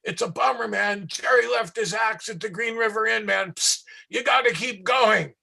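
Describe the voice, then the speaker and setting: A man voicing a gruff, laid-back hippie biker bodyguard who drawls slang and hisses urgently. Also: sits high, normal speed, bright, forceful tone, voice pushed up, exaggerated voice.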